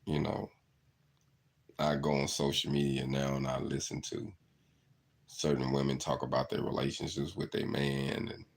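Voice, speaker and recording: A man's voice: a bass voice, monotone, normal speed, creaky. A middle-aged man, earnestly telling stories in a reflective monologue. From southeast Arkansas. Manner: earnest, storytelling, repeats "you know". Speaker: channel host.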